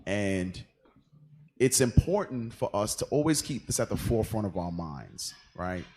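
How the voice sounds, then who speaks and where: A man hosting a casual online radio show, animated and laughing easily, often repeating words. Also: fairly low pitch, a little slow, slight background noise. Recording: online call audio.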